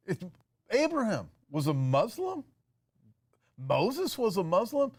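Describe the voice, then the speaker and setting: A man, a pastor hosting a show, giving animated, incredulous commentary on video clips. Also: high-pitched, takes it slowly, breathy edge.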